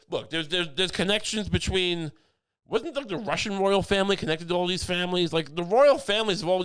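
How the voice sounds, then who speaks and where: A young male podcast host riffing in a loose, rambling comedic monologue and restarting his sentences as he goes. His voice sits a little high for a man and sounds smooth and clear. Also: a bit bright. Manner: rambling, many restarts, mock-conspiratorial.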